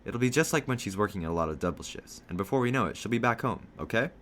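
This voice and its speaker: A man reading a storybook aloud, voicing a worried, gentle father who sounds reassuring and eager. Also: lowish voice, expressive, fast talker, a little hiss or hum, pitched above the performer's own voice.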